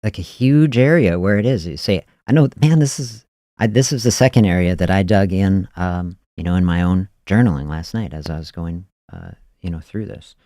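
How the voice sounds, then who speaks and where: A man with a very low voice talks through his thoughts as a podcast host, unhurried and reflective. He leans on little prompts like "you know" and "see" as he goes. The sound is dry, with no room echo. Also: dark tone. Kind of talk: reflective spoken monologue.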